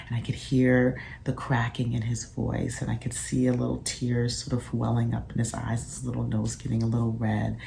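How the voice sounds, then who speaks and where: Very low, gravelly-voiced woman vlogging. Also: level tone, slight background noise. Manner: soft-spoken and thoughtful, with frequent pauses. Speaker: physician and mother sharing parenting reflections. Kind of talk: casual reflective vlog.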